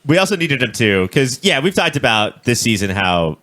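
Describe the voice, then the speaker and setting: A young man with a mid-pitched, bright, forceful voice talks as a podcast co-host. His manner is blunt and salty, and he swears freely while he rants in loose, casual chat. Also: very animated, moderate pace. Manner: blunt, profane, and ranting. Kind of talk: casual chat about a TV show.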